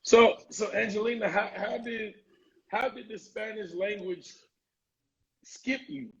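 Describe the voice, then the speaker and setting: A man's voice: sits high, steady tone, measured pace, a bit bright, husky, highs cut off. A man co-hosting a podcast who teases and asks questions in casual chat. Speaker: podcast co-host.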